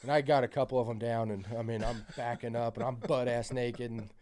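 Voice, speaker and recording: A man's voice: mid-range voice, fairly even intonation, a little fast, a little mellow. A man on a podcast telling a long story in a rambling, profane way, full of fillers. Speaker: podcast guest. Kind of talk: casual storytelling.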